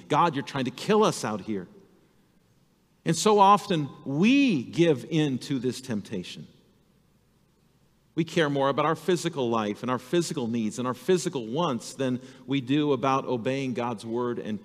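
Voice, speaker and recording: Earnest male pastor in a reverberant hall. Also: mid-range voice. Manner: earnest preaching that acts out quoted voices. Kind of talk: sermon.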